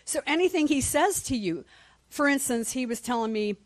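A woman's voice: sits high, expressive, normal speed, dry recording. A woman teaching a Sunday school class in church, passionate and reading scripture aloud.

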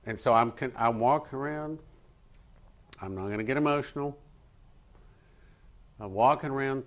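A pastor preaching a sermon and praying in church, earnest, leading the congregation to repeat lines after him. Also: male voice, medium pitch, normal speed, long pauses. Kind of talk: sermon with prayer.

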